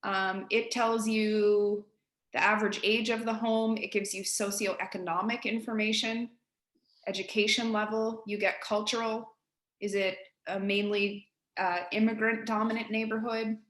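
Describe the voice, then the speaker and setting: A woman with an East Coast Canadian accent, a real estate agent giving colleagues a casual, direct software tutorial. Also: medium pitch, little pitch movement, measured pace, roomy sound. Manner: chatty, direct, addresses listeners as guys.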